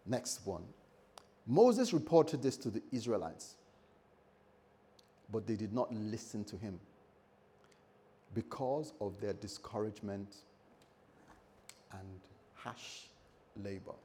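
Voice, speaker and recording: A pastor preaching a lively sermon, acting out the scripture characters with shifting voice and joking asides. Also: male voice, fairly low pitch, takes it slowly, pauses often, a little hiss or hum.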